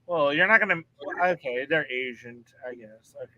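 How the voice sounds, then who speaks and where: An American man hosting a casual chat, animated and laughing often as he acts out quotes. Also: fairly high pitch, moderate pace, no echo, dull audio. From United States.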